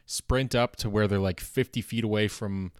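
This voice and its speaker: A young Canadian man with a Canadian accent talks on his comedy podcast in a low voice. He rambles loosely, full of fillers and self-deprecating asides. The recording is dry and close, with no room sound. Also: fairly even intonation, normal speed, clear, resonant tone, no echo. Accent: Canadian English. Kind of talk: casual rambling comedy monologue.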